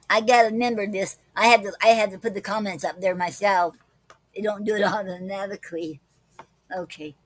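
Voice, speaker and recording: Hosting a live-streamed poetry club, a woman with a middling pitch reads her poems slowly and deliberately. She leaves pauses and "um"s between them, and the sound is dry and close, without room echo.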